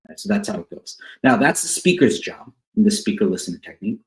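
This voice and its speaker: A man's voice: on the low side, lively intonation, quick pace. A man working as a counselor, explaining to couples how to apologize, repeating key words and often checking in with "right?". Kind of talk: teaching on couples conflict. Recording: echoey room.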